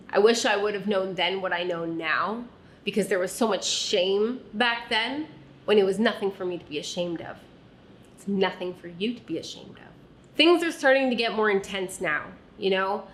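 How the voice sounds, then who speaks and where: A woman speaking to the listener as "you" about her own past. She talks earnestly and softly and often drops to a quiet tone. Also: medium pitch, slight background noise. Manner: earnest, soft and unhurried, often dropping quiet. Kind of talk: reflective second-person personal narration.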